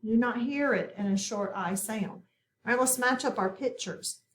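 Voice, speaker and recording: Against slight background noise, a woman with a fairly high voice teaches a phonics lesson in a slow, patient way. She sounds out words and repeats them slowly, encouraging her students and asking them questions.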